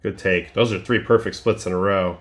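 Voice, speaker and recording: Man breaking down baseball pitches casually. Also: steady tone, fairly quick. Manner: conversational, thinks aloud, many restarts and fillers. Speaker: livestream host breaking down game film.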